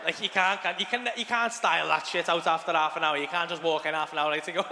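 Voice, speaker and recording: A man doing a crude, animated stand-up set in a comedy club, swearing freely and bantering with the crowd. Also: fairly high pitch, fast. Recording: reverberant club hall with crowd noise.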